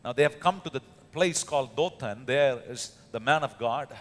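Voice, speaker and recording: A man's voice: medium pitch, normal speed. A man with an Indian accent preaching a sermon as pastor, emphatic, with many fillers and rhetorical questions. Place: church hall. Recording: echoey church hall.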